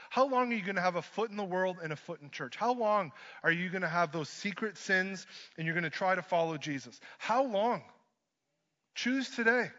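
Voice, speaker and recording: A man preaching a sermon, swinging from hushed lines to loud ones and mixing in joking asides. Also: high voice. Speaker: pastor. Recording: dull lo-fi sermon recording.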